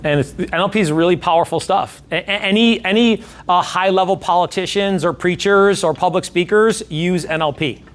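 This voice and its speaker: A man's voice: high-pitched, fairly quick, hardly any pauses. A man coaching a sales workshop in a training room, speaking energetically and emphatically and repeating key phrases. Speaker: real estate sales coach.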